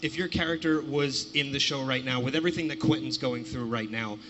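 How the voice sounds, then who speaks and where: A man's voice: mid-range voice, fairly quick, fairly bright tone, a little hiss or hum. A man moderating a convention panel, upbeat and directing the questions. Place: convention hall stage. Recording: reverb from a large hall.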